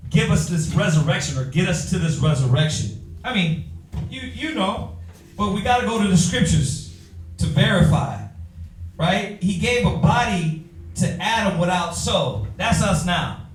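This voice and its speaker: A man's voice: high-pitched, animated, unhurried, faint music behind. A man teaching a Bible class in a preaching style, firing rhetorical questions at his listeners and calling on readers. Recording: echoey room from far off.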